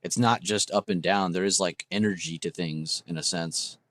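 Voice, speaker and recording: The host of this trading livestream is a young man whose voice sits low yet fairly bright, with a steady tone and moderate pace. Casual and enthusiastic, he reacts to chat and swears freely while talking with viewers.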